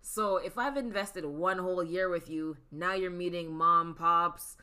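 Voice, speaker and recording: A woman hosting a casual chat, teasing her friends with quick, animated comebacks. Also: on the low side, smooth.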